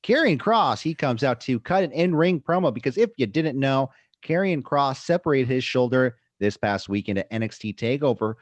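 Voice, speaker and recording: A man's voice: mid-range voice, animated, moderate pace, few pauses, no echo, lo-fi sound. A man hosting a podcast, chatting casually and recapping wrestling events in a chatty, easily amused way. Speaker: podcast host.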